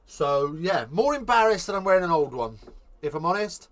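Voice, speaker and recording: Fan commentator, male, English, high voice, shouts on big plays, chatty in lulls. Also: moderate pace. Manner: excitable, rising to shouts on attacks; casual chat reading live chat between plays. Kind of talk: live watch-along commentary.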